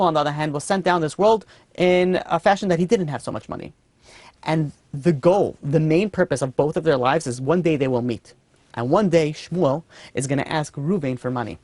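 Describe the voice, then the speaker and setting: A man, a rabbi, giving a storytelling sermon in an earnest, animated way, often saying "you know". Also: a little high, dry recording.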